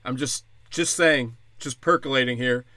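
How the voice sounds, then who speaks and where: A man's voice: medium pitch, normal speed, pushed and bright, no room sound. Sarcastic, profane man ranting. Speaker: podcast host. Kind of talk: casual comedic rant.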